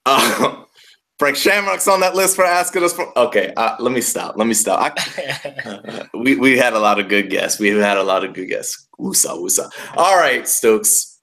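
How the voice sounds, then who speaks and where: A man's voice: mid-range voice, expressive, normal speed, sharp tone. A man hosting a wrestling radio show, bantering casually and trash-talking playfully, often repeating himself. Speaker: podcast host.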